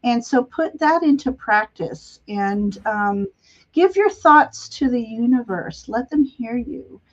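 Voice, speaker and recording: A woman host giving a live tarot reading, speaking gently and laughing often between phrases, on dull lo-fi livestream audio. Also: fairly high pitch, lively intonation, slow pace. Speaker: tarot reader and show host.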